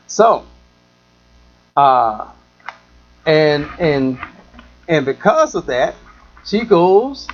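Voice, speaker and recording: A man's voice: high voice, very animated, slow pace, long pauses, muffled recording. A man hosting a talk show, telling a rambling story in a casual way, full of "you know", and acting out the people in it.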